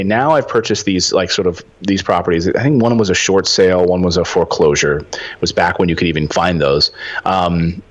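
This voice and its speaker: A man in his forties telling a story as a podcast guest, animated and acting out the dialogue. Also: low voice. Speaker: podcast guest, real estate investor. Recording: dull lo-fi audio.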